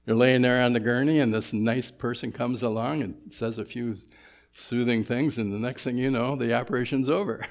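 A man's voice: medium pitch, fairly even intonation, normal speed. A man preaching a sermon in a church, conversational and sprinkled with humorous asides. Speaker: pastor.

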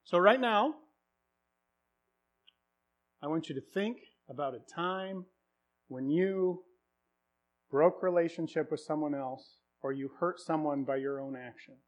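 High-voiced man telling a sermon story. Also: a little slow, long pauses. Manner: self-deprecating, conversational, with frequent fillers. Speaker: preacher.

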